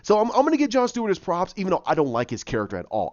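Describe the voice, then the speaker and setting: A man casually retelling his own story idea, rambling and animated as he goes. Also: high voice, rapid-fire, no room sound. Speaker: fan pitching a film plot. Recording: dull lo-fi dry mic.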